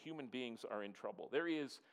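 A man, a pastor, preaching a sermon in an earnest, repetitive way, dropping his voice low for emphasis and asking the congregation to answer. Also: expressive, a little fast, smooth. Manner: asks the audience to respond.

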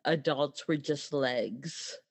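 A speaker in a relaxed chat talks slowly and unhurriedly at a middle pitch. Frequent giggles break up the sentences, and small acted-out quotes pop into the telling. The delivery feels easygoing and conversational. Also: creaky. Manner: giggly, laughs often, acts out quotes. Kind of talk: casual chat.

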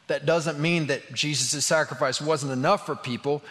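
A man's voice: fairly high pitch, normal speed, hardly any pauses, fairly bright tone, big-room sound. A man preaching a sermon as a pastor, telling a funny story with lots of laughter and filler words. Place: church.

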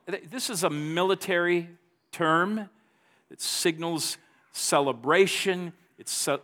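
Pastor, male, slow emphatic sermon delivery, light higher voice. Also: fairly bright tone. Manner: slow, emphatic preaching with restarts and scripture readings.

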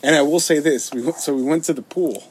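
A man in his thirties telling a long, animated story in a casual chat, cursing often. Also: fairly high pitch, quick pace, a little hiss or hum.

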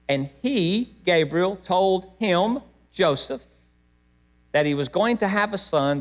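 A middle-aged man preaching a sermon to his church, emotional, swinging between loud emphatic peaks and hushed moments. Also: on the high side. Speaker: pastor.

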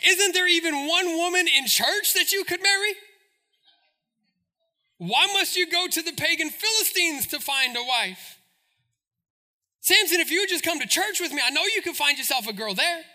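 A man's voice: very high-pitched, expressive, normal speed, pauses often, sharp tone, pitched above the performer's own voice, exaggerated voice. A preacher voicing a churchgoing mother who nags her son in an exasperated way. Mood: nagging. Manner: nagging, exasperated.

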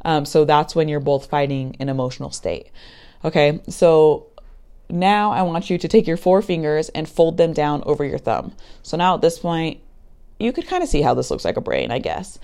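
A woman with a low, mellow voice talks through an idea in a casual, searching way. She fills pauses with ums and likes and sometimes acts out what a parent might say. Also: lively intonation. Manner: chatty and searching for words, with frequent ums and likes. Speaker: podcast guest explaining a mental health approach. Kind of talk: casual explanatory talk.

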